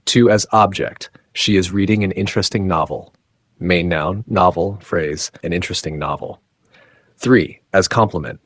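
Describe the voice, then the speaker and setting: A man's voice: sits low, moderate pace, a bit bright, husky, dry recording. A man teaching an English exam lesson, reading out word lists and explanations and giving Urdu translations. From Pakistan. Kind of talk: exam-prep lesson narration.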